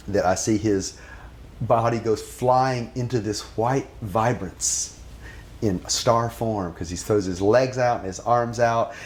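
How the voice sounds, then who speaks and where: A man telling a personal story, shifting between animated, laughing recollection and a soft, hushed, reflective tone. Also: lowish voice. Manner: animated, laughing, acts out voices when excited. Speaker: devotee recounting a story.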